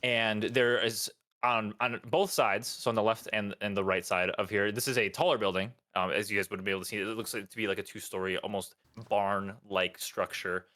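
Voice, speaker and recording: Halting, bright-voiced male dungeon master. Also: fairly low pitch, steady tone. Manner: halting, many ums, loose and unhurried. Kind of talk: describing scenes for a tabletop game.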